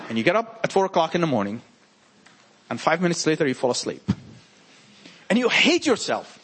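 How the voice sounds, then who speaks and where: A man with a French accent preaching informally to a small group, animated and emphatic, repeating his points. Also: high-pitched, brisk, long pauses, slightly rough.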